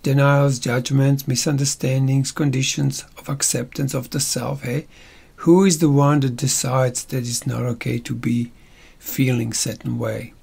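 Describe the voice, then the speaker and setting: A man leads a workshop with an unhurried, gravelly voice. His tone is husky, and he teaches playfully in a loose, conversational way. He keeps checking in with little tag questions. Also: medium pitch, level tone, a little mellow. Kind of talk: casual guided teaching.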